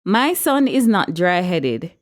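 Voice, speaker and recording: A woman's voice: lowish voice, big pitch swings, slow. A woman reading aloud voices a proud, regal woman who speaks in a cutting, haughty way.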